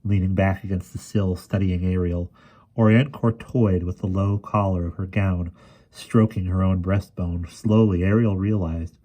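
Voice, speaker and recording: A man reading a fantasy novel aloud at a steady, measured pace, with the odd small restart. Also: deep voice. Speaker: reader. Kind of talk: audiobook narration.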